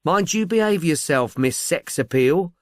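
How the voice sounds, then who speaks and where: A man's voice: fairly high pitch, lively intonation, a little slow, no room sound, voice pushed up. Man doing a brash, cheeky studio lad. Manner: cheeky, jokey.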